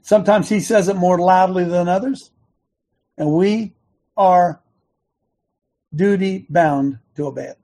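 A man's voice: high-pitched, unhurried, long pauses, warm tone. A man, known as coach, giving an earnest and emphatic sermon-style devotional talk and repeating his key lines.

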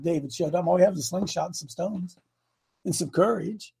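A man's voice: sits high, normal speed, creaky, a little mellow, slightly rough. A man preaching a sermon as a coach, folksy and emphatic, retelling Bible stories in slang.

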